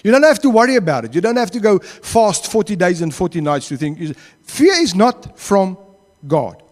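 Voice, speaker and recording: A man's voice: high voice, moderate pace, long reverb tail. A man with a South African accent preaching a sermon in a church, acting out the quotes he tells. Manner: animated, acts out quotes.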